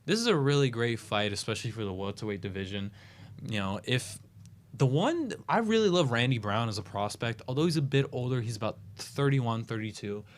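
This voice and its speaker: A man's voice: medium pitch, expressive, a little fast. A man co-hosting a casual sports betting show, breaking down upcoming fights with lots of restarts and "you know". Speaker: co-host giving fight picks.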